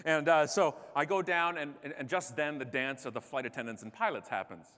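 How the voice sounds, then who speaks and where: A Canadian man giving a comedic keynote on stage, telling a story in an animated way and acting out the other people in it. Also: on the high side, a little fast. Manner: animated, acts out characters, self-mocking. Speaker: keynote speaker. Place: large conference hall stage. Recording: long reverb of a large hall.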